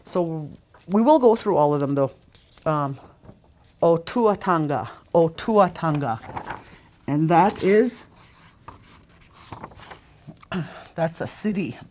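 A patient middle-aged woman teaches a language lesson at a steady, unhurried pace. Her voice sits a little low. She repeats each word several times and walks through it step by step. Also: slight background noise. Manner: patient, repeats words slowly, explains step by step. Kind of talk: recorded language lesson at a board.

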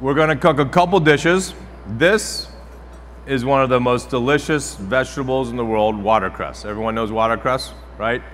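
Chef presenter, male, bright and punchy, wisecracking live demo, echoey hall with faint background din. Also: mid-range voice, moderate pace, slight background noise. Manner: joking, chatty, audience-engaging. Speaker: celebrity chef. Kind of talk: live cooking demonstration. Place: trade show demo stage.

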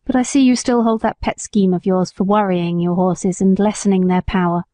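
A woman's voice: medium pitch, fairly even intonation, normal speed, mellow, dry recording, lightly acted. A woman reading the lines of a stern, kindly male country squire in an audiobook, speaking with earnest reproach.

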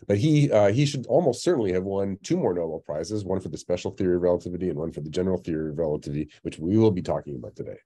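A man's voice: low voice, racing, few pauses, dark tone, husky. A middle-aged man lecturing in a public science webinar, talking conversationally with lots of fillers and restarts. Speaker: astronomy lecturer. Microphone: computer mic on a webinar call.

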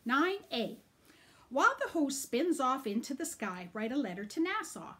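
A woman reads a picture book aloud with a lively, swooping voice, pitched somewhat high. She narrates with animation, stops to point out the pictures and sometimes drops into a whisper. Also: normal speed. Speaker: reader.

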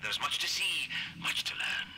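A man voicing a mysterious, ominous male guide in a horror game, speaking in a breathy whisper. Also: normal speed, background noise, close to an everyday voice. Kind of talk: game voice acting.

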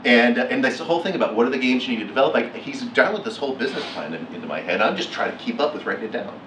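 A middle-aged man giving a keynote talk, telling a story with lively acted-out quotes. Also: mid-range voice, very fast, noisy background. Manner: animated, acts out quotes with laughs. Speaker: keynote speaker. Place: lecture hall. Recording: echoey hall from far off.

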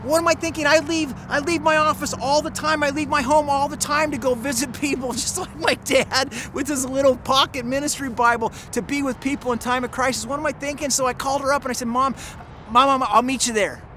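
A middle-aged pastor tells a personal story in his sermon, speaking earnestly and often restarting and repeating words. His voice is unusually high for a man, with a sharp tone, fairly even intonation and a fairly quick pace. There's slight background noise.

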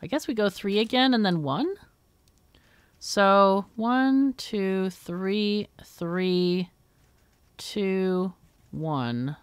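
A woman's voice: mid-range voice, drawn-out words, clean tone, no echo. A woman hosting a let's play, thinking aloud as she works through a puzzle game, muttering and exclaiming. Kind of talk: thinking aloud while gaming.

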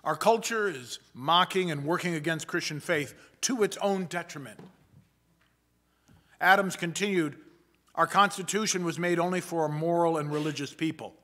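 A man, a pastor, preaching a sermon in a measured, emphatic way and slowing down for quoted passages. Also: on the high side, pushed and bright. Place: church sanctuary.

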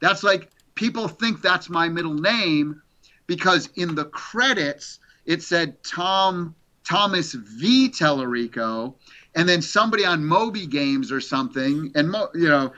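A middle-aged man, an interview guest, chatting casually as an animated storyteller who repeats words. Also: fairly high pitch, measured pace, dull audio.

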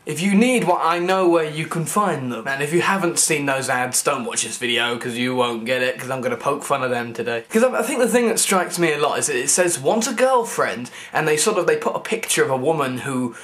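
Young male vlogger, slightly high voice, joking ramble, stammered restarts. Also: animated, fairly quick, hardly any pauses, fairly bright tone. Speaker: comedy vlogger. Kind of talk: rambling comic vlog.

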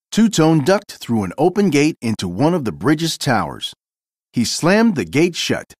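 A man reading a children's storybook aloud, his voice sitting a bit high and swinging widely in pitch. He tells the story in a clear, expressive way. The recording is close and dry. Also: no echo. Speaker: narrator.

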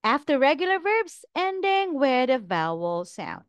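A woman teaching English pronunciation, drilling words one at a time in a slow, deliberate way. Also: sits high, big pitch swings, no room sound, highs cut off.

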